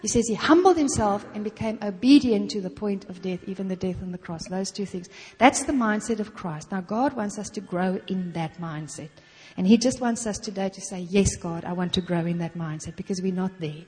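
A woman's voice: medium pitch, fairly quick, hardly any pauses, darkish tone. A middle-aged woman preaching a sermon in a conversational way, often saying "you know" and acting out little prayers in her own voice. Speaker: guest preacher. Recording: long reverb of a hall.

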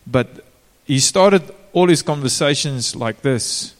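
A man's voice: medium pitch, lively intonation, slow. A man preaching a sermon in an informal way, turning to the congregation with direct questions. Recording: long reverb of a large hall.

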